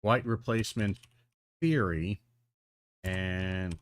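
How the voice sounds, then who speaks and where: A man's voice: sits low, slow pace, no room sound. A man giving casual, rambling video commentary, full of ums, restarts and the odd swear word.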